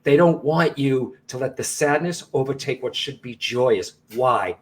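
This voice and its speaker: Man, psychic medium co-host, live broadcast talk, earnest, reassuring, addresses viewers directly, restarts sentences, mid pitch. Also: measured pace. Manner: frequent restarts and repeated phrases.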